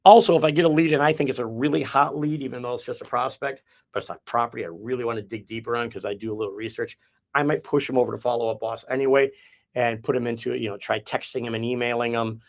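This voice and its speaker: A man's voice: mid-range voice, fairly even intonation, fast talker, vocal fry. A man from the Midwest hosting a real estate podcast, explaining his methods in a folksy, rambling way with restarts. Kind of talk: casual podcast chat.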